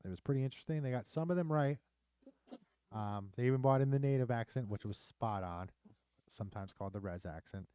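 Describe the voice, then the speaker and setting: American dude on a podcast, warm mellow voice, laid back, dry room sound. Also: male voice, mid-range voice, a little fast, clean tone, no room sound. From United States. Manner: chatty, laughing, relaxed storytelling. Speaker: podcast co-host. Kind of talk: casual chat.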